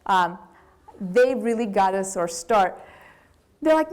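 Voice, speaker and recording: A woman with a Brazilian accent, a business owner giving a candid, animated lecture to students. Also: high voice, unhurried. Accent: Brazilian Portuguese. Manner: animated, candid storytelling with acted quotes.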